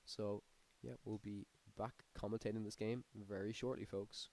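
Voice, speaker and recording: A man's voice: fairly low pitch, level tone, moderate pace, darkish tone. A man giving live play-by-play commentary on a card game tournament, his energy rising on big plays. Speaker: tournament caster.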